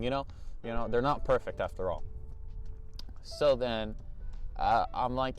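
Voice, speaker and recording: A man's voice: mid-range voice, brisk, pauses often, soft background music. A teenage boy telling a story to his channel in a chatty, exasperated way. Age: teens. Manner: animated, chatty, exasperated asides. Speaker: youtuber. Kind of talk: casual storytime vlog.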